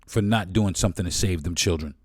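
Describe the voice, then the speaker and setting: A man with a very deep voice talking straight into the mic on his own podcast. He speaks bluntly and with passion, swearing freely. The sound is dry and close, with no room around it. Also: quick pace, a little mellow, breathy edge, no room sound. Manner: blunt, profane and impassioned. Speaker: podcast host. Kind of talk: solo podcast monologue.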